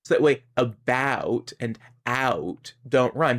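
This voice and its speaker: A man's voice: mid-range voice, lively intonation, takes it slowly, a bit bright. Rambling Canadian man streaming a game. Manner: rambling, explains pronunciation to chat. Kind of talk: casual live-stream chat while gaming.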